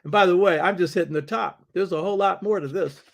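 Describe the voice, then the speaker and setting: Man, high-pitched, lecturing host, emphatic, preacherly, rhetorical questions, repeats his points. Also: quick pace, vocal fry. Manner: repeats key phrases for stress. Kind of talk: lecture on history and culture.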